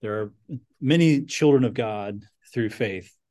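A man's voice: on the low side, a little slow, mellow. A man teaching a Bible class, thinking aloud with frequent restarts and putting questions to his students.

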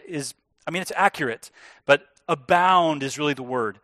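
Pastor, male, fairly high voice, emphatic sermon delivery, dry close recording. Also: sharp tone, no echo. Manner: earnest, emphatic preaching with slowed stresses.

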